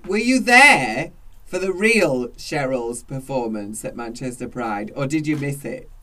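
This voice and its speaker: A man co-hosting a chat, expressive and dramatic, with loud laughs. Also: mid-range voice, a little slow, distant mic. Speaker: co-host, drag performer. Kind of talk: casual chat.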